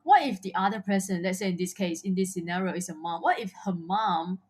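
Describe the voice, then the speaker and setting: A woman's voice: lowish voice, fairly quick, breathy edge. A woman hosting an interview podcast who breaks in politely to ask follow-up questions. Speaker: podcast host. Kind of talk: interview conversation.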